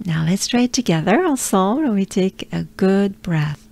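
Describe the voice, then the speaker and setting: A woman's voice: medium pitch, expressive, normal speed, gravelly, mellow. A French woman teaching pronunciation, repeating sounds patiently and encouraging the listener, with light laughs. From France. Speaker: pronunciation coach. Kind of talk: slow, patient pronunciation lesson.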